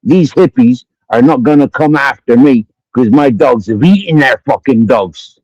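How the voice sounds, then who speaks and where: Over dull lo-fi stream audio with no echo, a Cumbrian man fires off an angry, profane rant at someone, drinking throughout the livestream. His medium-pitched voice is a little slow, darkish and slightly rough, and he keeps swearing and repeating his accusations.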